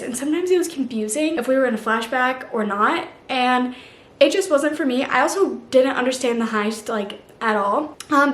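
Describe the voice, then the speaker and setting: High-voiced gushing young woman vlogger. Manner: gushing, animated, slangy. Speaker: book vlogger. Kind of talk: casual vlog chat. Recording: echoey room with faint ambience.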